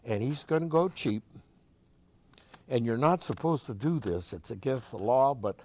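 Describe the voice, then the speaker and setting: A man's voice: medium pitch, animated, normal speed, a little mellow, no room sound. An older man voicing a blunt, persuasive horse dealer in his own story. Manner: blunt sales talk.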